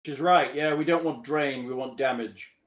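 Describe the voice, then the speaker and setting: A man's voice: medium pitch, normal speed, fairly bright tone, reverberant. A man acting as game master, checking rules aloud and ruling on what the players can do. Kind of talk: casual game chat.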